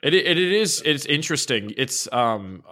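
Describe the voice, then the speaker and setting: Young Australian male host, mid-pitched, loose rambling delivery. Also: very animated, normal speed, sharp tone. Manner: rambling, restarts, mimics others in quotes. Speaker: podcast host. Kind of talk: casual chat.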